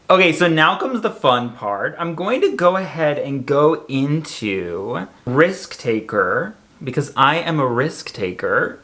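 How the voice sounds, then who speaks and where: A man's voice: mid-range voice, fairly bright tone. A man talking through a makeup tutorial in a chatty, sassy way. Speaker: makeup vlogger.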